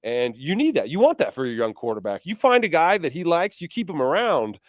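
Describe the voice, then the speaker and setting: Sports talk co-host, a man with a slightly higher voice, chatty and teasing, dry sound. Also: very animated, a little fast, no room sound. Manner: chatty, teasing, rattles off names. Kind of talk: sports talk radio chat.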